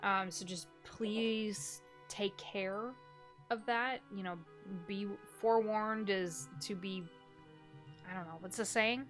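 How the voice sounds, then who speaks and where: A woman streamer closing out a stream in casual chat, excitable and laughing often, swearing casually. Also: mid-range voice, takes it slowly, soft background music. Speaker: streamer and game master.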